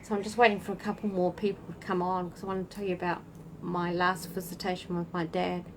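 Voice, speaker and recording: A woman's voice: lowish voice, flat delivery, quick pace, slight background noise, rough recording. A woman hosting a casual livestream, chatting to viewers by name while sitting outside at night. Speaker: spiritual channel host. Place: outdoors at night in a breeze.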